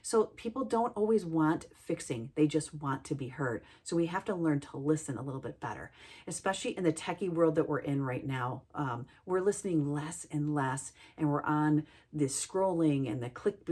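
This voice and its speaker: A woman's voice: low voice, mellow, husky. A middle-aged woman, a healthcare worker, giving an earnest, heartfelt reflective talk about listening.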